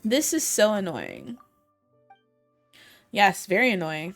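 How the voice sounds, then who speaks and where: A woman streaming a video game, chatting casually and reading the characters' dialogue aloud with quick asides. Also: medium pitch, huge pitch swings, fairly bright tone, soft background music. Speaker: gaming streamer. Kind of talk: casual let's-play commentary.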